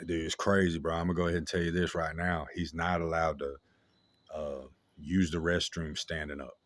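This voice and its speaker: A man with a very deep voice talks straight into a dry, close microphone. His story comes out casual and slangy, full of restarts and fillers. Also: a bit bright, dry recording.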